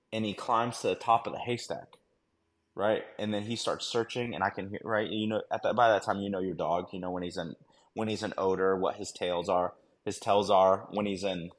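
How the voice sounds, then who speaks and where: A man, a former army dog handler, telling a war story on a podcast in a casual, slangy way full of fillers and "right?". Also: low voice. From United States.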